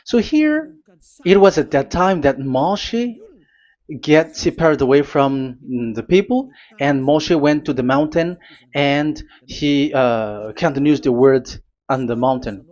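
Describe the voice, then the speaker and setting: Man, sermon, higher voice, emphatic questions, dull lo-fi sound. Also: expressive, takes it slowly, a little mellow. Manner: emphatic, rhetorical questions, frequent fillers. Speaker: preacher. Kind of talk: sermon with scripture reading. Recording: slightly dull lo-fi audio.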